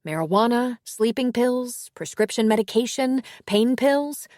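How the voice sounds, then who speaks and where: A woman doing a steady emergency dispatcher. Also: on the high side, a little slow, no echo, studio quality, pitched above the performer's own voice. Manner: steady, methodical questioning. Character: calm female emergency dispatcher.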